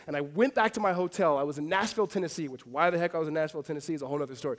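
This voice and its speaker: A man preaching a sermon to a congregation, telling stories with swings between hushed and emphatic delivery. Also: on the high side, lively intonation, rapid-fire. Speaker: pastor. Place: church hall before a congregation.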